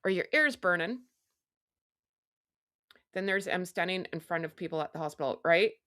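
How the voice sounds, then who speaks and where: A woman hosts a casual celebrity gossip livestream and keeps up a chatty, sarcastic back-and-forth with her viewers. Her voice sits a little low yet comes across bright and forceful. The sound is dry and close, as if she speaks straight into her computer mic. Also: lively intonation, normal speed, no room sound. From Canada. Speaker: livestream host.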